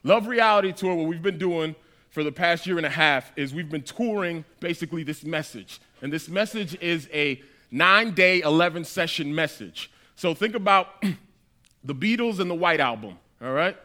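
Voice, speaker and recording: A man delivers a sermon in a church, talking to the room in a loose, joking way. His voice sits high for a man and rings bright and forceful. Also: expressive, moderate pace. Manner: conversational and playful with the congregation. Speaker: preacher. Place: church hall.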